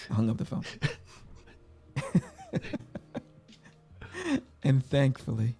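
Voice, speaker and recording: Gravelly middle-aged man telling stories. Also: medium pitch, huge pitch swings, drawn-out words, long pauses, warm tone, soft background music. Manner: rambling, self-deprecating storyteller. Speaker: livestream host. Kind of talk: casual livestream chat while drawing.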